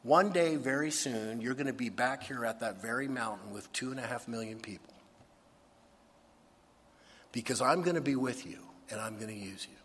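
A man's voice: mid-range voice, moderate pace, a bit bright, in a large hall, slight background noise, natural voice. A man voicing God in a sermon, speaking to Moses in an intimate, reassuring way. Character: God, tender reassuring male divine voice.

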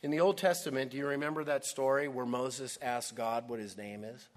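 A male pastor preaching a sermon, emphatic, with dramatic pauses, sometimes dropping to a hush. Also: mid-range voice, fairly even intonation.

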